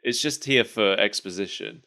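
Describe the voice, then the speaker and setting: A man co-hosts a laid-back podcast, talking in a rambling, chatty way and laughing often at his own jokes. His voice sits a little low. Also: moderate pace, vocal fry, pushed and bright. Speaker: podcast co-host. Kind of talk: casual chat.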